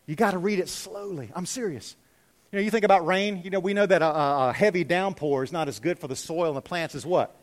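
Pastor, male, higher voice, lively sermon delivery, loud peaks then soft asides. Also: moderate pace. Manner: animated, swings from loud exhortation to hushed.

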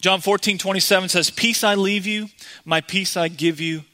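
A man's voice: sits high, steady tone, moderate pace, sharp tone. A man preaching a sermon in a church, speaking earnestly and directly to the congregation. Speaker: pastor.

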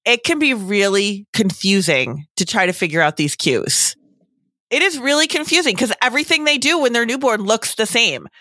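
A woman co-hosting a casual podcast, chatty and animated, with lots of fillers. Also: on the high side, moderate pace, no echo, studio quality. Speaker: podcast co-host.

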